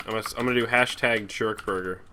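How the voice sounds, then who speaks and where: Young guy from jersey ranting sarcastically on a podcast, really bright voice, typing in the background. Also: lowish voice, fairly even intonation, fast talker, a little hiss or hum. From New Jersey. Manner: sarcastic, ranting, swears a lot. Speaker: co-host. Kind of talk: casual podcast chat.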